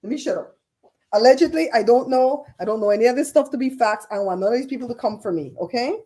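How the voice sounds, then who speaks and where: A middle-aged woman hosting a livestream, chatting casually in an animated, gossipy way with frequent laughs. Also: a little high, fast talker. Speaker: livestream host.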